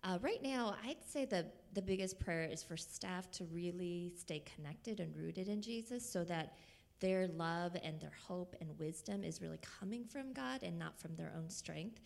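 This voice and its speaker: Gravelly low woman sharing prayer requests. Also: animated, moderate pace, a little mellow. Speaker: pastoral care minister.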